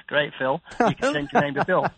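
A man's voice: fairly high pitch, fairly bright tone, husky, no echo. A man with a New Zealand accent, an evangelist speaking earnestly and preaching in an interview. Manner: earnest, preacherly, vivid storytelling. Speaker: evangelist guest. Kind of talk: interview about faith. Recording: dry phone-like line.

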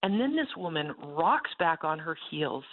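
A woman who runs a ranch ministry, telling a faith testimony in an animated way and acting out the voices of the people in her story. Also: sits low, unhurried. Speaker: ranch ministry leader and speaker. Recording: tinny phone-like sound.

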